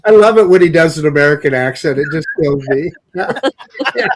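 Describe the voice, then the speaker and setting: Fairly high-voiced man, teasing. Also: lively intonation, a little fast, poor audio. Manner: laughing and teasing. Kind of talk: live stream chat.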